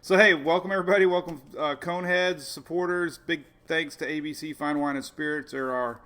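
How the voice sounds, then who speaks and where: Middle-aged guy rambling on a live stream, excitable, kinda high voice. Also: fairly quick. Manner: excitable, rambling, laughs often. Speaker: weather livestream host. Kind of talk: casual livestream chat. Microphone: phone or webcam on a live video stream.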